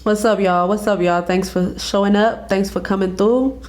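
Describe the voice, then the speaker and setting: A woman's voice: medium pitch, steady tone, moderate pace, a little mellow. A woman from El Paso speaks as a podcast guest, blunt and self-assured, with easy profanity. She is a music reviewer and artist, and her talk stays casual and frank. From El Paso, Texas. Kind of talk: casual interview chat.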